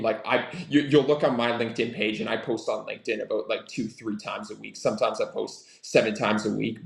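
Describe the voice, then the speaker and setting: A young man talking through business advice as an interview guest, leaning on "like" fillers as he goes. His voice has a gravelly edge and sits at a medium pitch. It carries a roomy echo. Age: young adult. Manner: fast, filler-heavy with frequent "like". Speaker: guest, social media marketing entrepreneur.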